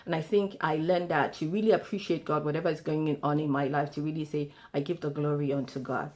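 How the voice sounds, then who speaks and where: A middle-aged woman, telling family stories in an animated way. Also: sits low, a little fast. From Nigeria. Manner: animated storytelling, acts out family quotes. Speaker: speaker sharing life lessons. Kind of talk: storytelling talk.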